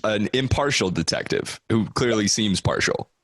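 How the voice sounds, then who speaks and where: A man's voice: fairly low pitch, lively intonation, normal speed, dry recording. A man hosting a podcast interview, reflecting aloud in long sentences. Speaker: podcast host. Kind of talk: casual interview chat.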